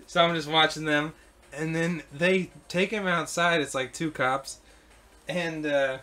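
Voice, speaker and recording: A man's voice: on the high side, steady tone, unhurried, bright, forceful tone. A man casually telling a rambling story, laughing and swearing as he goes. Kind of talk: casual chat while gaming.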